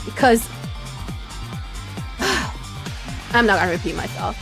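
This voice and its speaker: A woman's voice: medium pitch, slow pace, vocal fry, music in the background. A woman streamer giving casual, dramatic commentary while playing a game, ranting in exasperation at the story. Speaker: VTuber streamer.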